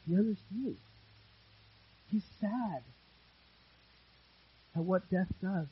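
A man preaching a sermon as pastor, earnest, repeating phrases for emphasis and swinging between loud and hushed delivery. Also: high-pitched, husky, lo-fi sound.

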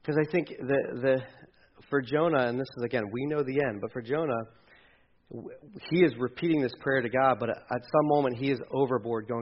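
A man preaching a conversational sermon, swinging from loud emphasis to hushed, quiet passages. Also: mid-range voice, brisk, lo-fi sound. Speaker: pastor.

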